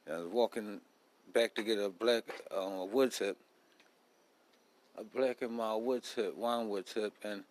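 A man's voice: mid-range voice, darkish tone, low-quality recording. A man hosting a casual solo podcast, talking bluntly in a profane, rambling street style. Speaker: podcast host.

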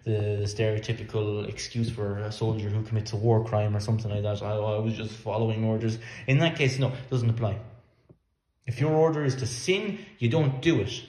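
A man's voice: on the low side, steady tone, fairly quick, a little mellow. A man preaching a sermon in an earnest, emphatic way, sometimes repeating words as he works through a point. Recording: echoey room.

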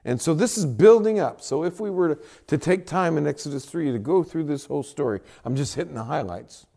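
Male pastor, sermon, emphatic, higher-pitched, very lively intonation. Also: a little fast, creaky. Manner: animated preaching, dramatic voiced quotes.

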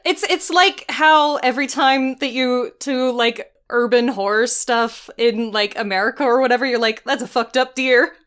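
A woman co-hosting a casual book discussion, giggly and animated, speaking in fast bursts with restarts. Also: fairly high pitch, smooth. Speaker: podcast co-host.

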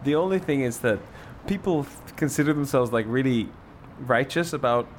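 A man in a relaxed, jokey chat, musing on the topic at hand. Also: mid-range voice, moderate pace, a little hiss or hum. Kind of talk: casual chat.

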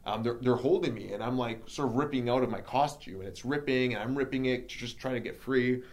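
A man hosting a podcast tells a personal story in relaxed conversation, acting out the dialogue with lots of energy and plenty of filler words. His voice sits in the middle range, and he talks a little fast.

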